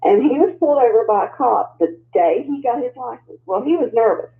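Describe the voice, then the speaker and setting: A woman's voice: a little high, animated, brisk. A middle-aged woman calling in to a show, plain-spoken and matter-of-fact. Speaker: caller. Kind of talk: phone-in conversation. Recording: tinny phone line.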